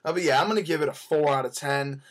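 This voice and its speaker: A man's voice: on the high side, fast talker. A young man talking casually as he reviews a movie, rambling along with many fillers and restarts.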